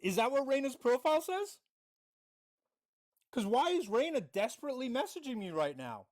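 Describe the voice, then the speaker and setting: Animated, mocking livestream host. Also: high-pitched, normal speed. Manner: confrontational, mocking; reads out chat messages. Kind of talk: livestream drama commentary.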